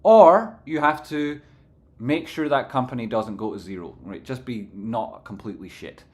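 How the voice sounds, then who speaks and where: A man's voice: medium pitch, moderate pace. A man commentating stock charts on a live stream, rambling and swearing casually while reading out viewer messages. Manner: casual and profane, reads chat aloud; rambling, animated.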